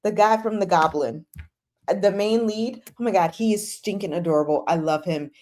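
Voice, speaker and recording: A woman's voice: mid-range voice, normal speed. A young woman hosting a live chat about dramas, talking casually and with animation, gushing one moment and exasperated the next. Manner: animated, gushing and exasperated, acts out her own reactions.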